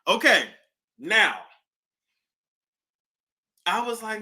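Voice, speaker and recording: A woman hosting a casual celebrity gossip talk, animated, with nervous laughter and dramatic gasps. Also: fairly low pitch, measured pace, pauses often.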